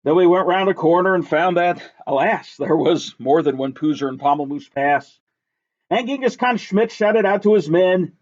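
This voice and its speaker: A man reading a rhyming picture book aloud in a lively, sing-song, rhythmic way. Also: high-pitched, moderate pace. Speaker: reader. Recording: dull lo-fi recording.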